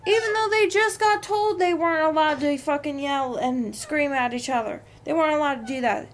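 A young adult woman hosts a podcast, telling a heated, profanity-filled story about work at a moderate pace. Her voice is high, with a slight hiss or hum in the audio. It's a casual, venting monologue.

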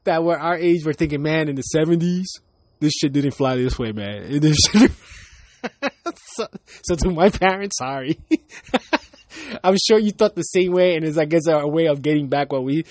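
A man's voice: a little high, lively intonation, moderate pace, pauses often, a little mellow, dry recording. A man in his thirties hosting his own podcast, ranting loosely with lots of profanity and laughter. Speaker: podcast host. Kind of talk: casual ranting monologue. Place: Miami.

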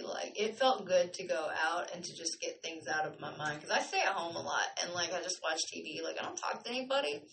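Bright, chatty woman. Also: on the low side, vocal fry, a little hiss or hum. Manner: chatty and animated, with playful asides. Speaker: podcast host. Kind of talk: casual storytelling monologue.

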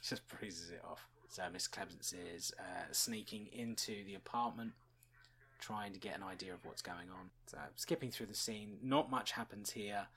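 A man's voice: deep voice, a little slow, fairly bright tone, slight background noise. A man hosting a podcast, musing chattily about a TV episode with fillers and chuckles. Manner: chuckles often. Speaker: podcast host reviewing a TV episode. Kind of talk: casual spoken commentary.

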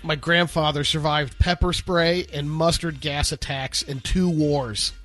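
A man on a radio show, delivering corny jokes in a deadpan way. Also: on the high side, unhurried, soft background music. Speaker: radio co-host. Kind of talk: radio banter.

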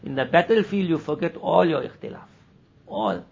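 A man giving a conversational sermon as a religious teacher, moving between plain explanation, acted-out dialogue and quick recitation of scripture passages. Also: fairly high pitch, big pitch swings, vocal fry, darkish tone, husky. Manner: conversational, acts out quoted dialogue. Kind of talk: sermon at a weekly gathering. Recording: dull lo-fi recording.

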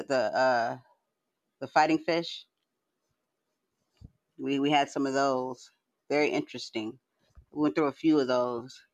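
A man's voice: medium pitch, no echo. A man hosting a livestream from home, chatting in a loose, rambling way that keeps restarting words, swearing freely. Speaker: livestream host. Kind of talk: casual rambling monologue. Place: at home, indoors.

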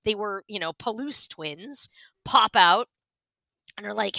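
A podcast co-host from Washington state, US, tells a story in casual chat, animated and full of fillers, acting out the voices of the people she quotes. Her voice is mid-range with some vocal fry, a little slow, with long pauses. The recording has no echo.

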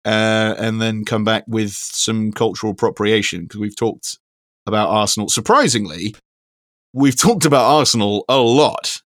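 A man's voice: on the low side, moderate pace, fairly bright tone, no echo, studio quality. A man co-hosting a podcast, talking in a rambling, casual way and swearing now and then. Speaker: podcast co-host. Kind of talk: casual chat.

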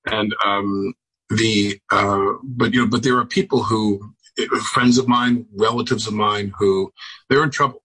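A man on a video call from home, chatting as a talk show guest, halting and restarting often, with dry sardonic humor. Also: on the low side, steady tone, bright, forceful tone, slightly rough, low-quality recording. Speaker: celebrity guest. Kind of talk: casual interview chat. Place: home on Long Island.

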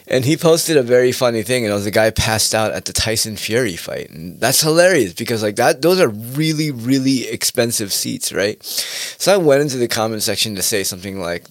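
A man's voice: mid-range voice, lively intonation, brisk, no room sound, clean studio sound. A man ranting casually in a rambling, profane monologue, often laughing at his own points.

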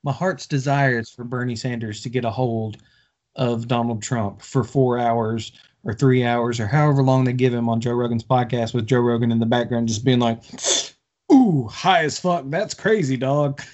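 A man's voice: mid-range voice, level tone, moderate pace, darkish tone. A man co-hosting a podcast, ranting about politics in a casual, profane and passionate way with lots of restarts after a few drinks. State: has been drinking. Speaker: podcast co-host. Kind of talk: heated casual political rant. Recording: dull lo-fi podcast audio.

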